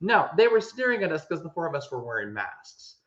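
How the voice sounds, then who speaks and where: Guy co-hosting a chatty podcast, forceful bright voice, lots of restarts, dull lo-fi sound. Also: a little high, brisk. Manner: animated, emphatic storyteller with frequent restarts. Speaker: podcast co-host. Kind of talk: casual chat. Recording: echoey room, dull lo-fi sound.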